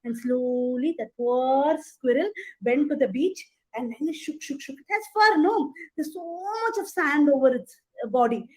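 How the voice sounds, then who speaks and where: Brief: woman storyteller, chatty and lively, high voice. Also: moderate pace, rough recording. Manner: lively, chatty, asides to listeners. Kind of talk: animated oral storytelling.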